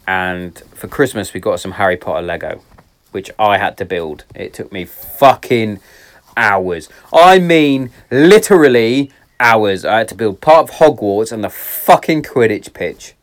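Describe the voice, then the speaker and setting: Swearing man rambling in a podcast. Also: a little slow. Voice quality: heavy swearing, rambling and tangent-prone. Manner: laughs often, swings between loud excitement and low quiet reflection. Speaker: podcast host. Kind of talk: casual solo podcast monologue. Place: garden shed.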